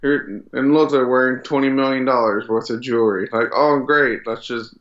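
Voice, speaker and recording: A man's voice: mid-range voice, steady tone, moderate pace, fairly bright tone. A man co-hosting a casual podcast, laid-back, chiming in with short agreeing remarks. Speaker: podcast co-host. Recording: dull, lo-fi sound.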